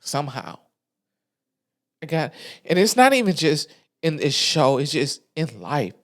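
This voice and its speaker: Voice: medium pitch, sing-song, unhurried. Candid podcast host speaking from the heart. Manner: candid, emotional, colloquial with many restarts. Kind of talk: casual heartfelt monologue. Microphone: studio microphone.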